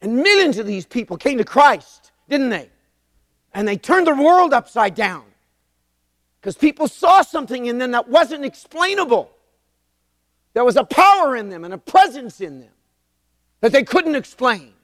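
Older male pastor in his sixties, animated storyteller with a wide-ranging pitch, close dry mic. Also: moderate pace, long pauses, dry recording, long reverb tail. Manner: animated storytelling, emphatic repetition. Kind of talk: sermon.

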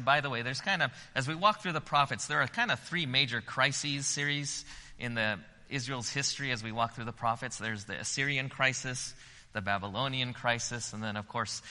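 A man preaching a sermon. He swells to loud, emphatic peaks when reading scripture and drops low when he explains. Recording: long hall reverb.

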